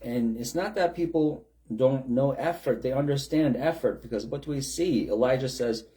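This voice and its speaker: Mellow-voiced male preacher. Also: medium pitch, lively intonation, moderate pace. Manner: conversational, asks rhetorical questions, acts out quotes. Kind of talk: sermon.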